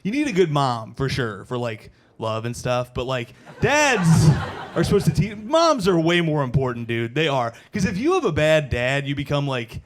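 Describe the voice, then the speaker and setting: A man in his thirties doing a stand-up comedy set on a stage mic, loose and chatty, calling the crowd "dude" and breaking into loud shouted impressions. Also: a little high, very animated, moderate pace. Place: comedy show before a live audience.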